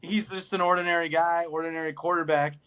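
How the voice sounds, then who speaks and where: A young man co-hosting a casual sports podcast, animated, swearing freely and acting out what players say. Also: fairly high pitch, quick pace, smooth. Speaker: podcast co-host.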